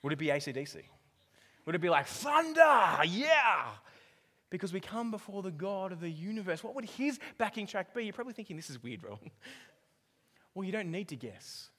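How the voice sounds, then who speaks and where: A man preaching a sermon, telling a story with lively swings from hushed to loud. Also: high voice, quick pace. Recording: long hall reverb with faint music.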